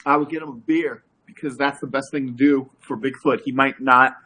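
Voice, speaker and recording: A male co-host trades wry, deadpan quips in casual bar banter. His voice sounds bright with a sharp edge, at a middle pitch. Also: brisk, husky.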